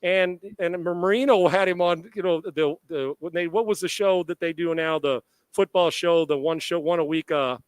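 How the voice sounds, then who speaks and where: On a live sports talk show, a middle-aged man with a fairly high, clear, resonant voice tells a lively anecdote at a moderate pace. He acts out both sides of the conversation with quoted dialogue and swears freely, in dry, close sound with no room echo.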